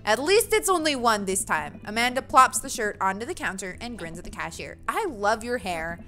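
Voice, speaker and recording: A woman's voice: on the high side, sing-song, a little fast, a bit bright, soft background music. A woman streamer reading a game's dialogue aloud in a playful way, commenting as she goes. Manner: playful, reads every character in funny voices. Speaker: streamer playing a dating game.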